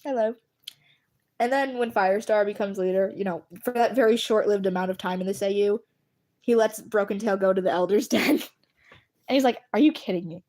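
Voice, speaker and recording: A woman's voice: medium pitch, a little fast. A woman streaming live, chatting casually and giggling often as she talks to her viewers. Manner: giggly, laughs between sentences; animated, addresses viewers. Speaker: livestreamer. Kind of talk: casual chat.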